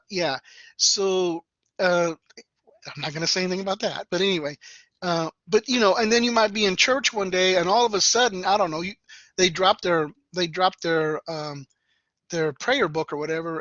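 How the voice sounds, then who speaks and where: A man lecturing a class in a loose, conversational way, peppering his points with "right?". His voice is bright, and the recording is dry and a little dull. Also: high voice, dry recording. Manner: conversational, tags sentences with "right?".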